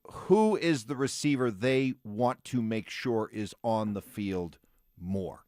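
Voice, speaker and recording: A man's voice: fairly low pitch, expressive, slow pace, darkish tone, no room sound, clean studio sound. A man hosting a sports radio show, steering the talk with questions and takes. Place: radio studio.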